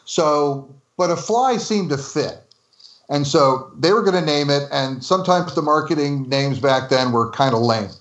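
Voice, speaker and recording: A man's voice: a little high, normal speed, a bit bright, echoey room. A man from New Jersey telling stories as an interview guest, laughing often and acting out the dialogue he quotes. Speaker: interview guest, former game developer. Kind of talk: casual storytelling interview.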